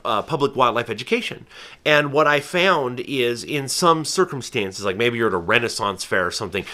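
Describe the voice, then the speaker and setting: A falconer running his own channel speaks to camera in a bright, forceful, medium-pitched voice. In this casual educational talk, he explains his hobby with care and earnestness, relying on everyday examples.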